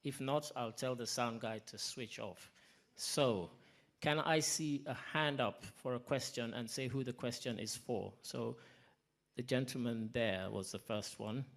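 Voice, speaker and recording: A man's voice: medium pitch, measured pace, gravelly. A man chairing a panel at a public event, speaking emphatically with self-deprecating asides. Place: conference hall.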